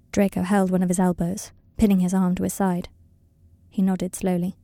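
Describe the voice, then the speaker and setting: A woman reading a story aloud in calm, even scripted narration, recorded close to the mic. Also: fairly low pitch, moderate pace, no echo. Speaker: audiobook reader.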